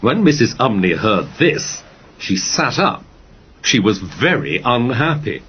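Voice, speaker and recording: A man narrating an audiobook story in a measured storytelling manner. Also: mid-range voice, sing-song, a bit bright, husky. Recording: dull lo-fi audio with faint music.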